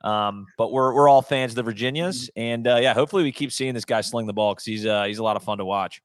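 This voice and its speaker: A man's voice: medium pitch, fast talker, no echo, studio quality. A man co-hosting a casual sports podcast, talking in a laid-back, rambling way with lots of fillers. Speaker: podcast co-host.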